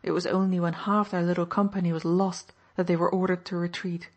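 A woman narrating an audiobook in a steady, even reading voice. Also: lowish voice, fairly quick, dull audio. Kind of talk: scripted narration.

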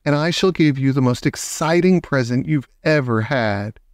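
A man putting on a rasping, coaxing witch. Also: medium pitch, moderate pace, dry recording, clean studio sound, close to an everyday voice. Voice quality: rasping, metallic. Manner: coaxing, sugary. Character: sinister smiling woman, a witch.

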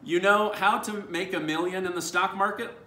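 A man's voice: high-pitched, steady tone, normal speed, bright, forceful tone, roomy sound, slight background noise. A man hosting a family video, reading dad jokes aloud and laughing at his own punchlines. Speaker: YouTube host reading viewer dad jokes. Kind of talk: casual family vlog.

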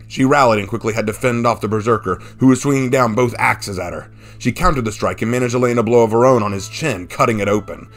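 A man narrating a fan-written action story in a steady, dramatic reading. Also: on the low side. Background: faint background music.

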